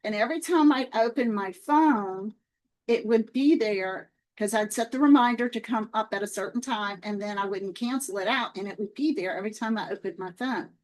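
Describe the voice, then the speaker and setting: A woman talking casually to her viewers, telling faith stories in a chatty, lively way. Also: medium pitch, normal speed, low-quality recording. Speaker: Christian author and video host.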